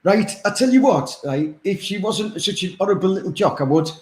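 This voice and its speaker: A man's voice: sits high, expressive, brisk, darkish tone, roomy sound. A man, co-hosting a crude comedy chat show, giggling often. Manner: giggly, laughs a lot, crude. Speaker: co-host.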